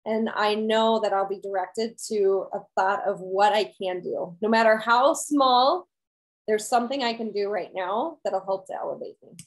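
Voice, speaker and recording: A wellness coach with a medium-pitched voice speaks at a moderate pace, giving her viewers an earnest, encouraging motivational talk. She repeats key phrases and keeps asking "right?" The recording is rough.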